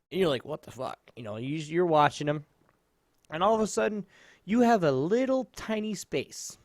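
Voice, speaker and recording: Animated, swearing man telling a story. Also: on the high side, no room sound, studio quality. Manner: animated storytelling, swears freely, laughs often. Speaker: podcast co-host. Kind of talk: casual comedic podcast chat.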